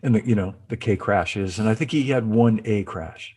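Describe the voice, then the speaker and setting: With a lowish, darkish voice at a moderate pace, a middle-aged interview guest who once handled artist relations at a cymbal company spins long stories, restarting often and wandering into asides. There's slight background noise.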